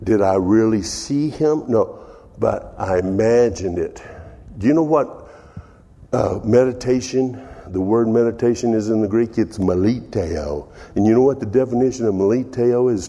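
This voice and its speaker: A man's voice: fairly low pitch, moderate pace, mellow, slightly rough, long reverb tail. An older man preaching as a pastor, laughing often and dropping to a whisper in prayer. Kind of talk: sermon.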